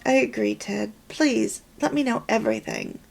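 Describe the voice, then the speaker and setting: Woman reading as a quick-tempered wife. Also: a little high, wildly swooping pitch, vocal fry, full character voice. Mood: pleading. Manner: pleading. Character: quick-tempered wife and mother, now contrite.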